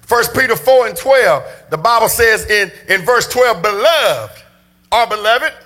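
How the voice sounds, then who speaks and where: A man preaching a sermon as pastor, impassioned and often shouting in a preaching cadence, with colloquial church speech. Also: extremely high pitch, expressive, normal speed, soft background music.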